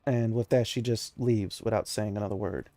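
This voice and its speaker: Gravelly man narrating as game master. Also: fairly low pitch, steady tone, moderate pace, warm tone, dry recording.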